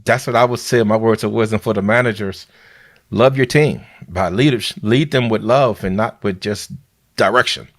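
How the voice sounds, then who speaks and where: A man's voice: on the low side, moderate pace. A man, a biomed manager and podcast host, giving earnest, heartfelt advice in a casual podcast chat.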